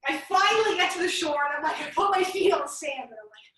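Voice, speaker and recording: A woman in her thirties leading a business workshop, talking in an animated, chatty way with lots of "like" and "right?" as she tells stories. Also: extremely high pitch, fast talker. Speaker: business strategist running a workshop. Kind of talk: energetic workshop talk with personal storytelling. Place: large room at a live workshop. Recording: echoey room, voice from far off.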